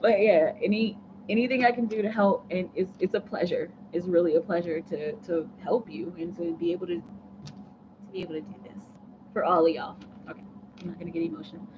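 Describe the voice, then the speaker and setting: A woman's voice: on the low side, steady tone, brisk. Chatty woman livestreaming. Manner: chatty, laughing often, rambling with restarts. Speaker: tarot reader livestream host. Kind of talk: casual livestream chat reading comments. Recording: muffled lo-fi audio with clear background noise.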